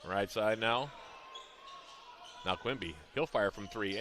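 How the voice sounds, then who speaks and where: A man calling a college basketball game play-by-play, reading out plays, scores and shooting stats in a brisk, rhythmic way. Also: medium pitch, background noise. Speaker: play-by-play announcer.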